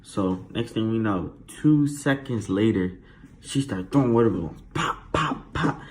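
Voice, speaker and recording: A man spins a childhood story in a casual, slangy, animated flow. His voice sits somewhat low, and faint noise hangs in the background. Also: moderate pace.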